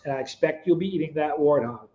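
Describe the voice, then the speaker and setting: A middle-aged man hosting a live stream, reading chat comments aloud, teasing viewers by name and telling stories in a relaxed, chatty way. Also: fairly high pitch, fast talker, muffled recording, a little hiss or hum. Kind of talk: casual chat.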